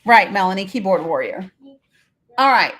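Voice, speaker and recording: A woman's voice: medium pitch, sing-song, moderate pace, fairly bright tone. A middle-aged woman hosting a live stream in casual chat, talking straight to her viewers by name, blunt and swearing freely.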